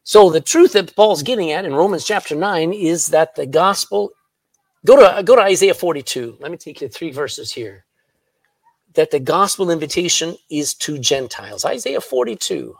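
Guy preaching, lively, readin bible verses, kinda high voice, dry close sound. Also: normal speed, vocal fry, husky, no room sound. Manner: animated preaching, reads scripture aloud, laughs at own jokes. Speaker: pastor. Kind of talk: sermon. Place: church.

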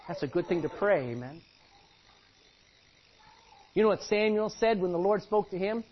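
A man preaching a sermon, acting out Bible characters and swinging between hushed and loud delivery. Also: high voice, animated, moderate pace, pauses often, dull audio, a little hiss or hum. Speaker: pastor.

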